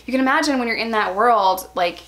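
A woman's voice: fairly high pitch, fairly quick. A woman in her thirties telling a personal story in a casual, chatty way, full of "like" fillers and acting out what people said in a raised voice. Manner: animated, acts out quoted lines in a raised voice. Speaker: vlogger.

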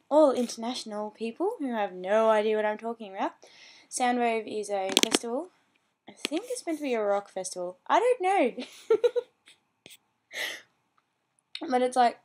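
A woman's voice: fairly high pitch, noisy background. A teenage girl, chatting bubbly and scattered in a casual home vlog, often gasping and laughing. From Australia. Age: teens. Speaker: vlogger. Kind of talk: casual chat.

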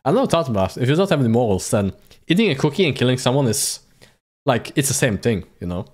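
A man's voice: medium pitch, big pitch swings, quick pace, darkish tone. A man chatting through a visual novel playthrough, his voice bouncing up and down a lot as he reacts. He jokes and swears freely, half reading lines and half riffing on them. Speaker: streamer playing a visual novel. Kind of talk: casual let's-play commentary and reading game lines aloud.

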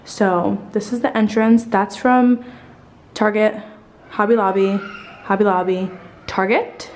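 A woman's voice: medium pitch, steady tone, slow, slight background noise. A young woman vlogging at home in a casual, rambling, chatty way, sounding tired and a little out of breath, with casual swearing. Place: at home indoors.

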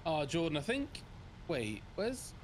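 A man's voice: fairly high pitch, wildly swooping pitch, a little slow, a little hiss or hum. A man in casual gaming banter, teasing his friends and laughing often. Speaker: game streamer.

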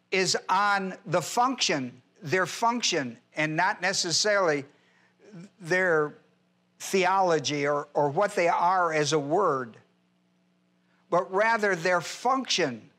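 A man's voice: high voice, pushed and bright. A male pastor teaching a Bible class verse by verse, emphatic, repeating key phrases and quizzing his listeners.

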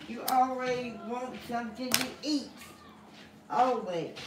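A woman's voice: fairly high pitch, measured pace. A woman talking in a teasing, playful way from off to the side of the mic. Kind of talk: casual off-mic banter. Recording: distant, roomy and noisy.

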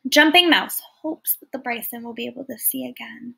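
A woman's voice: fairly high pitch, normal speed, hardly any pauses, pushed and bright. A woman teacher reading a folktale aloud to children, explaining words and asking questions as she goes. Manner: clear, explaining, often asks listeners questions. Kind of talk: read-aloud lesson for children.

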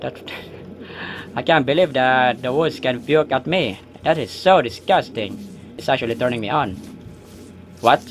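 A young man commentating a horror game as he plays, yelping, shouting and joking, then dropping into low mutters. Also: measured pace, pauses often, faint music behind. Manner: excitable, yelps and shouts, joking asides; drops to a low, muttering aside between outbursts. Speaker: gaming YouTuber. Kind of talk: let's play commentary.

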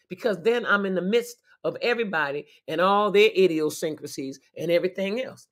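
Sassy woman preaching on a livestream. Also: fairly low pitch. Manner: sassy, preachy, swings between soft reflection and loud outbursts; laughs often between phrases. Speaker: livestream host. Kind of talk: casual inspirational talk.

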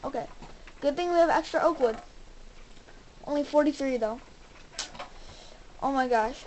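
Young woman gamer, high voice, excitable commentary, faint game noise behind. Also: measured pace, pauses often, rough recording. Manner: excitable, exclaims and talks to viewers. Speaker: gaming channel host.

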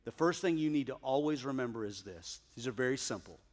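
A man preaching a sermon as pastor, emphatic, swinging from loud declarations to hushed asides. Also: medium pitch, lively intonation, a little fast.

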